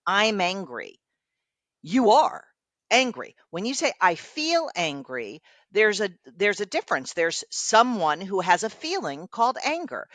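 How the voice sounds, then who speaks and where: Animated woman host, lively pitch. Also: no echo. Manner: emphatic, coaching tone. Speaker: podcast host. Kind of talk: interview conversation.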